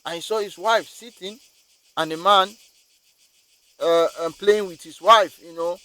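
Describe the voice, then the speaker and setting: A man tells a moral story in a fairly high voice, rambling along with repeated words and restarts as he goes. His delivery is loose and unscripted. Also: a little slow, sharp tone, rough recording.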